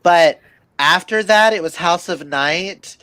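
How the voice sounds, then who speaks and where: A man hosts a relaxed video call chat and talks slowly and unhurriedly. His voice sits dry and close, with no room sound around it. He slips into acted-out quotes as he tells stories. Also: sits high, smooth, no room sound. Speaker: host. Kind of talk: casual chat.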